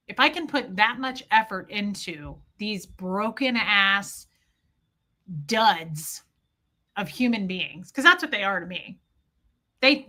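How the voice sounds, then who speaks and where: Casting note: woman livestream host, impassioned monologue, bright and fairly high voice. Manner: impassioned, swings between yelling and quiet reflection.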